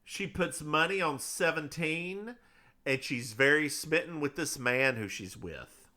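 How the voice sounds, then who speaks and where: A podcast co-host with a bright, forward tone and a slightly higher pitch recaps an episode, playful and quick with jokes. It is easygoing talk between friends. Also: male voice. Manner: playful, jokey, recapping plot. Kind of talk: casual recap chat.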